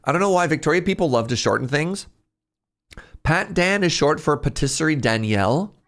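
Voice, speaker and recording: A man's voice: on the high side, lively intonation, normal speed, a bit bright. A man streaming live, chatting casually with his viewers in a jokey, talkative way and laughing often.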